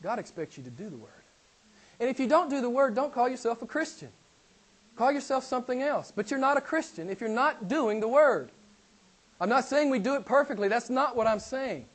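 A man preaching a sermon who repeats his key phrases, calls his listeners beloved and keeps putting questions to them, swinging between loud emphasis and quiet asides. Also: very high voice, a little fast. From United States. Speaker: pastor.

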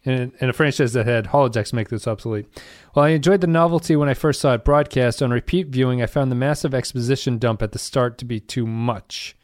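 A man's voice: medium pitch, quick pace, dry recording, studio quality. A man co-hosting a casual podcast discussion, thinking aloud and reading out listener comments. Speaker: podcast co-host.

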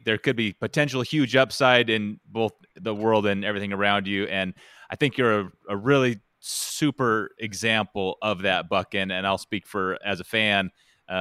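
A male host with a low, bright and crisp voice, recorded dry and close. He interviews casually and rambles a bit, with plenty of "like" and "uh". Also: no room sound. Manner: rambling, lots of "like" and "uh".

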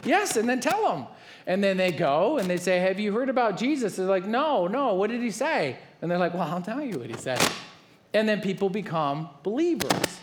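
A male pastor preaches with a voice that sits noticeably high for a man. He delivers the sermon in an animated way, acting out the people in his stories and often restarting his sentences. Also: normal speed, a little hiss or hum.

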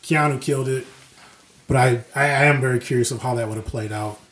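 A man's voice: mid-range voice, fast. Joking, profane male co-host. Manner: loose, joking, profane, animated. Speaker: podcast co-host. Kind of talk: casual chat. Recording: roomy echo.

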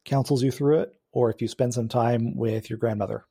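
A man narrating a tabletop game as game master, relaxed and hesitant with many fillers. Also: medium pitch, fairly quick, vocal fry, slightly rough.

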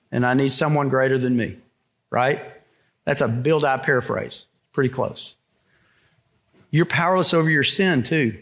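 A man's voice: fairly high pitch, a bit bright. Man preaching a conversational sermon. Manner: conversational, wry asides. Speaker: pastor.

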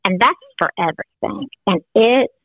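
Older woman, gravelly, tinny line. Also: very animated, moderate pace, dry recording. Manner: warm storytelling with playful high quoted voices. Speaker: guest. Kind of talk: casual podcast chat. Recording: tinny phone-like sound.

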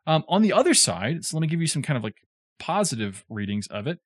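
Animated man explaining a book. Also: fairly high pitch, fast, no room sound, studio quality. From southern United States. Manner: animated, digressive, joking asides. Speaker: podcast co-host explaining a classic novel. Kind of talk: casual explanatory chat.

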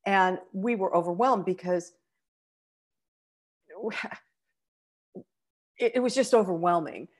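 A middle-aged American woman telling a heartfelt personal travel story, halting with fillers and close to tears. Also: on the low side. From United States. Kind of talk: personal anecdote.

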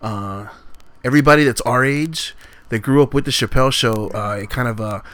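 A man's voice: mid-range voice, brisk, fairly bright tone, clear, resonant tone, no room sound. A man in his late twenties or thirties, co-hosting a podcast in loose casual chat, swearing and trailing off with fillers. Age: late 20s to 30s. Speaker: podcast co-host.

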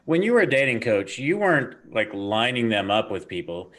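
A man's voice: medium pitch, very animated, moderate pace, a bit bright. A man hosting a podcast interview, asking conversational, clarifying questions. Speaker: podcast host.

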